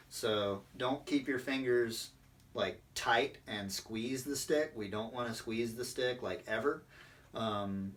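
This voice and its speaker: A man's voice: lowish voice, a bit bright, distant mic. A man, a percussion instructor, explaining drum technique in an online lesson with many fillers.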